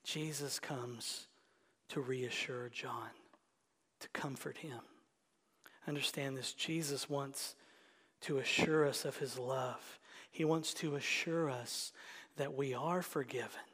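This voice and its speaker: A male pastor preaching a sermon, dropping to hushed whispers and rising to loud emphatic lines. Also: mid-range voice, steady tone, slow pace, pauses often, slightly rough. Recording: long church reverb.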